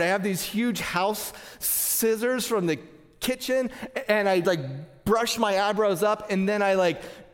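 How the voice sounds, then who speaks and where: A man preaching a sermon through a clip-on mic, telling a personal story with frequent stammering restarts. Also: high-pitched. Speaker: pastor. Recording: long hall reverb.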